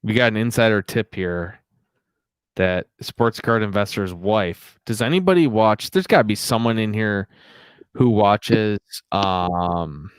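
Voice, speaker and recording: A man's voice: on the low side, animated, a little slow, smooth, dry recording. A young man hosting a casual podcast, rambling and laughing a lot as he talks. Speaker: podcast host. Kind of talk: casual chat.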